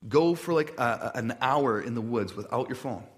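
A man delivering a sermon in a casual, conversational way, with self-deprecating stories and many asides, often dropping quiet and slow on reflective points. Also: mid-range voice, animated. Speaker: pastor.

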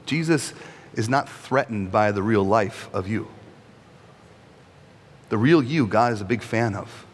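Male preacher, mid-pitched, casual and jokey, in a hall with a long echo. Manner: conversational and humorous, with frequent rhetorical "right?". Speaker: pastor. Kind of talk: sermon.

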